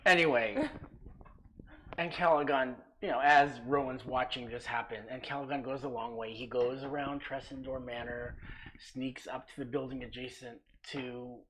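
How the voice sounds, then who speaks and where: Lively woman recapping a tabletop game. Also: a bass voice, normal speed, rough recording. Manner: lively, animated storytelling with quoted voices. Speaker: game master. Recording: live stream with faint background noise.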